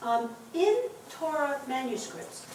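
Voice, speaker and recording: A woman teaches a class of adults, explaining each point patiently and reading words out slowly. Her voice is a little high and comes from across the room. The classroom sounds very echoey, with faint room noise behind her. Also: lively intonation. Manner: encouraging, explains patiently, reads aloud slowly. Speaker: Hebrew teacher. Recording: very echoey classroom taped from far off.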